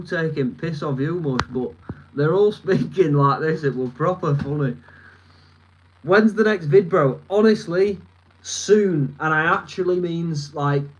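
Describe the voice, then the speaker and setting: In lo-fi audio, a man with a mid-range voice rambles and swears through a casual live stream chat from the desk in his room. He's in his twenties, from northern England, and has a Lancashire accent.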